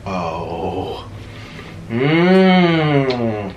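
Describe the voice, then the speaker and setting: A young man hosting an eating vlog, talking casually between bites with excited gasps and murmurs. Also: medium pitch, moderate pace. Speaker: mukbang host. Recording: echoey room with faint noise.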